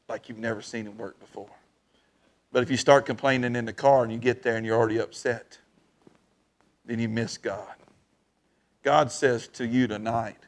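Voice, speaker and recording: A man preaching a sermon in church, lively and folksy, calling out to the congregation. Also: medium pitch. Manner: lively preaching with crowd call-outs and folksy grammar. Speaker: pastor.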